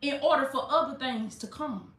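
Bright fervent woman preaching online. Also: high voice, moderate pace, echoey room. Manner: fervent call-and-response preaching, addresses viewers as baby. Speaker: preacher and life coach. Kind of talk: informal online sermon.

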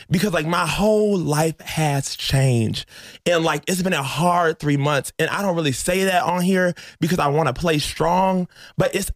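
A man hosting a casual faith podcast, telling an emotional story and acting out the dialogue with lively energy. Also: fairly high pitch, no room sound, clean studio sound. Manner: emotional, animated storyteller who acts out dialogue. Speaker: podcast host.

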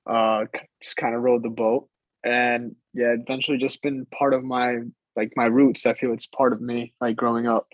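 Husky young man, thinking aloud. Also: mid-range voice, little pitch movement, moderate pace, no room sound, low-quality recording. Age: young adult. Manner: hesitant, filler-heavy, thinking aloud. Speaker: soccer player guest. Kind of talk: casual interview.

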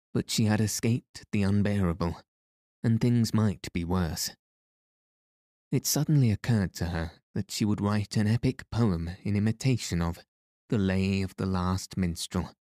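Deep mellow guy narrating an audiobook, steady and even, dry close mic. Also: no echo. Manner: measured, even reading. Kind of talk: scripted narration.

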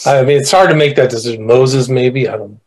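A man speaking as a podcast guest at an ordinary pitch, thoughtful and a little hesitant as he weighs his answers. His delivery is relaxed and conversational. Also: brisk. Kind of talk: casual interview answers.

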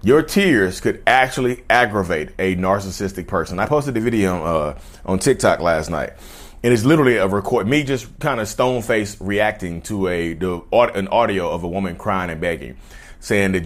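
A man's voice: on the low side, lively intonation, moderate pace. A man vlogging in a casual, rambling way, often restarting phrases and speaking straight to his viewers. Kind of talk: casual direct-to-camera talk.

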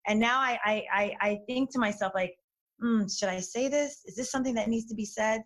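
A woman talking candidly in a casual conversation, animated, with many restarts and fillers. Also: on the high side, a little fast.

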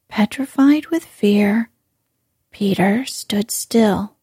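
A woman narrating a bedtime story in a soft, hushed, unhurried voice. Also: fairly high pitch, no room sound, studio quality. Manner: slow, hushed, breathy delivery.

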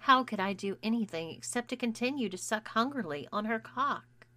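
A woman narrating a first-person story in a measured, intimate reading. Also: on the high side, lively intonation, pushed and bright. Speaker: audiobook narrator.

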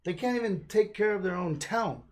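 Animated, rambling podcast host, a man. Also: high voice, moderate pace. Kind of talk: casual chat.

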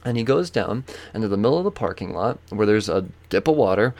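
Guy w a lowish voice ranting through a story, swears constantly, casual podcast chat. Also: fast talker. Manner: profane, animated, acts out quoted voices. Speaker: podcast host.

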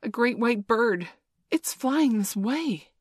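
A woman's voice: lowish voice, fairly even intonation, moderate pace, vocal fry, darkish tone, no room sound, studio quality. A woman voicing a young boy, breathless and awestruck, in a storybook reading. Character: pleading excited boy in the woods.

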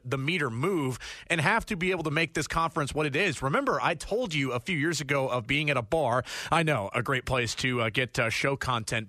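A man co-hosting a sports talk show, telling stories and giving measured opinions. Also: fairly high pitch, pushed and bright, no echo, clean studio sound. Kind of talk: conversational sports commentary.

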